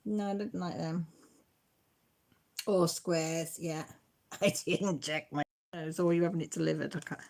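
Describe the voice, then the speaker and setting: A woman's voice: low-pitched, fairly even intonation, unhurried, vocal fry, long pauses, darkish tone. A middle-aged woman, hosting a casual live stream, reading comments and often breaking into giggles. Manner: giggly, self-deprecating, chatty.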